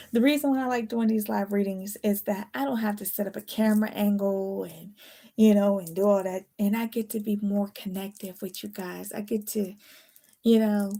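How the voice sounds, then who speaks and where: A woman's voice: mid-range voice, vocal fry, warm tone. A tired woman giving a casual, late-night tarot reading, chatty and candid, swearing now and then. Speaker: tarot reader.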